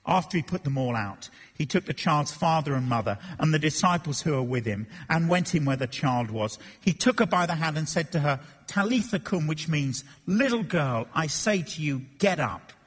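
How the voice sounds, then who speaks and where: A man preaching an expository sermon, animated, acting out voices and joking between readings. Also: on the high side, moderate pace, hardly any pauses, husky. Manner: animated, acts out Bible voices and jokes. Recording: long reverb of a church hall.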